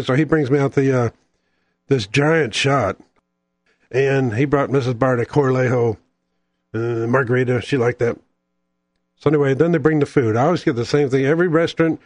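A man's voice: medium pitch, no echo. Middle-aged guy on the radio, rambling chatty story, dry close sound. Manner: chatty, animated, wry asides. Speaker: radio host. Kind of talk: casual storytelling monologue.

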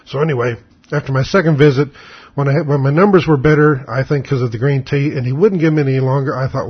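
Blunt, sarcastic older man with a husky voice. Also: medium pitch, quick pace. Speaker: storyteller. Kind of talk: casual spoken monologue. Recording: dull lo-fi recording.

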